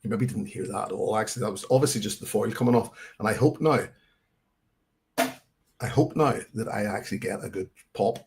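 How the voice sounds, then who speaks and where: A man's voice: fairly low pitch, brisk, creaky, slight background noise. A man hosting a live whisky tasting, chatting in a rambling, self-correcting way and reading out viewer comments. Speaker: whisky channel host.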